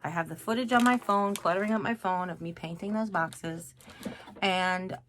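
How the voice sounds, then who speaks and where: A woman's voice: fairly low pitch, normal speed, a bit bright, a little hiss or hum. A middle-aged woman talking casually to her viewers in a craft vlog, chatty, rambling and self-mocking. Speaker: craft vlogger.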